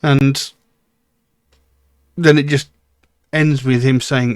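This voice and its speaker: A man of middle pitch talks through his thoughts on a song he has just heard. He muses out loud, pauses often and fills the gaps as he goes. The room sound is dry and close, with no echo. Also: steady tone, clear, resonant tone. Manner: musing, thinks aloud with frequent fillers. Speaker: music reaction channel host. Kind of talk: casual spoken commentary.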